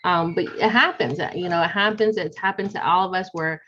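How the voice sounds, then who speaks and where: A woman with a lowish voice hosting a video-call interview, talking in a loose, chatty way with plenty of fillers. The audio sounds dull and lo-fi. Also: a little fast, crowd noise. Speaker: host of a Medicare agent group.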